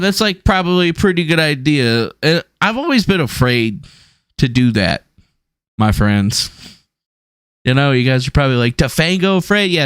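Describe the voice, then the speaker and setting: A man's voice: on the high side, fairly bright tone, smooth, dry recording. A man chatting casually on a livestream, swearing freely and rambling through stories. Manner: profane, rambling, storytelling. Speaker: streamer.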